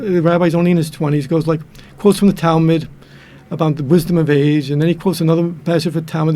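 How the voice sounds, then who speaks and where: A man's voice: on the high side, dark tone. An older man from the New York and New Jersey area, a guest in a casual chat, telling jokes in a rambling way with many restarts. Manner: rambling, repeats and restarts words, acts out quotes.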